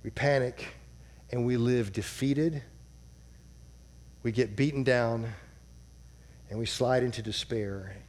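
Dramatic male preacher. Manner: dramatic, drops to a low hush on key words. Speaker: pastor. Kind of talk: sermon.

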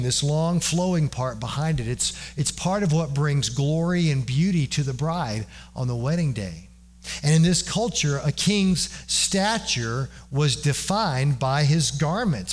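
A man preaching a sermon in an earnest way, explaining scripture with everyday examples and dramatic repetition. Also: a little high. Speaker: pastor.

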